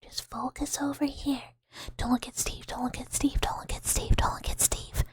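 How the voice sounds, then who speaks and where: A woman voicing a gentle female sleep paralysis angel in whispered role-play, coaxing and reassuring over and over in a breathy whisper. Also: high-pitched, little pitch movement, moderate pace. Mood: soothing.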